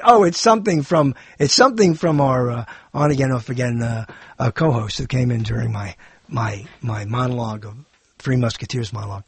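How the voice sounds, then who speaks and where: A man hosting his own show, rambling playfully through comic digressions and wordplay on a boom mic. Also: fast talker, creaky, breathy edge, no room sound. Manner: playful, digressive, bursts into singing and silly wordplay. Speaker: show host.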